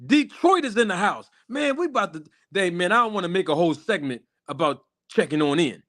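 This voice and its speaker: A man's voice: sits high, big pitch swings, brisk, fairly bright tone. Hype man hosting a live stream. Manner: hype, chatty, calls out to the chat. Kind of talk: casual live stream talk.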